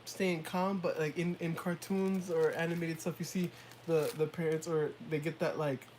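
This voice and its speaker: A man co-hosting a casual talk show, telling relaxed stories about his sons and mimicking them. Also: fairly high pitch, moderate pace, slight background noise, low-quality recording. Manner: relaxed storytelling, laughs often, mimics kids and parents. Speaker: podcast co-host. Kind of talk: casual chat.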